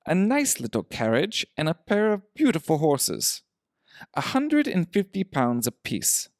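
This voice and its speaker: A man reading a story aloud, voicing a shrewd, dry-witted male detective in a crisp, brisk manner. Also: a little high, huge pitch swings, a little mellow, dry recording, pitched above the performer's own voice, full character voice.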